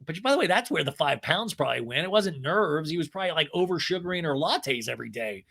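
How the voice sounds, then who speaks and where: A man hosting a podcast, recapping a TV show with animated, joking asides. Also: on the high side, fast talker, vocal fry. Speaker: podcast host. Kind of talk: comedic TV recap.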